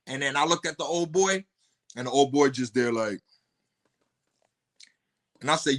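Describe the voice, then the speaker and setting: A man tells a story as a podcast guest, blunt and full of curses. His voice sits somewhat high and sounds bright and forceful, and it keeps spiking into sharp outbursts. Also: moderate pace, pauses often. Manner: animated, profane, blunt storytelling with rising outbursts.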